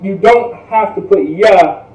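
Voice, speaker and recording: Slow, repetitive man teaching a lesson. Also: sits high, dark tone, roomy sound, recorded from a distance, poor audio. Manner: patient, repeats words slowly, says "all right?" often. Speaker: language class teacher. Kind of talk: online language lesson.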